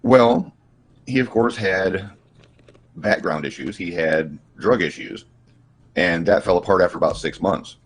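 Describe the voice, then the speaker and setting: A man on a casual livestream call who talks with a slight stutter and halting restarts. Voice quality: husky, deep, smooth voice. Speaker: guest.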